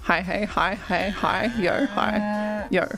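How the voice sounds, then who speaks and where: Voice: mid-range voice, flat delivery, slow pace, a bit bright, faint music behind. A streamer bantering playfully, repeating greetings and laughing often. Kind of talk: casual banter between streamers.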